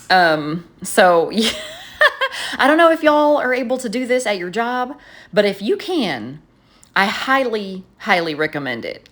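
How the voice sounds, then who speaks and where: Animated woman telling a story. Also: on the low side. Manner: animated, expressive, chatty. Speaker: journaling vlogger. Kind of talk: casual storytelling while journaling.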